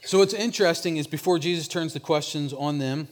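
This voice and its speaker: A male pastor preaching a sermon, with restarts, dropping softer to voice a repeated question. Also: on the high side, a little fast. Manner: preaching with restarts, drops softer when voicing Jesus' question.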